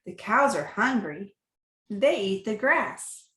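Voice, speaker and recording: Woman reading picture books to a child; lively, unhurried, roomy echo. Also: mid-range voice. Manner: slow, animated, with animal sounds. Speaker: reader to a child. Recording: echoey room.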